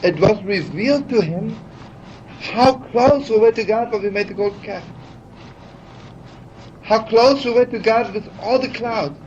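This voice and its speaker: This rabbi's storytelling sermon is heartfelt and chatty, sprinkled with "you know" asides, delivered in a high, darkish voice that's unhurried with long pauses. It survives on a dull archival recording carrying a faint hiss.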